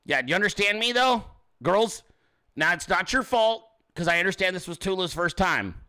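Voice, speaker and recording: A man's voice: sits high, lively intonation, normal speed, bright, forceful tone. A man hosting his own show, in brash, crude, rambling casual commentary, talking straight to his chat viewers. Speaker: show host.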